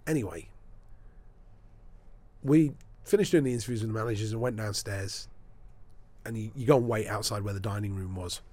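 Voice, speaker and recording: Man telling lively sports anecdotes. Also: on the low side, brisk, pauses often. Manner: lively storyteller, acts out the people he quotes. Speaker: sports broadcaster. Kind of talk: anecdotal storytelling in a podcast interview.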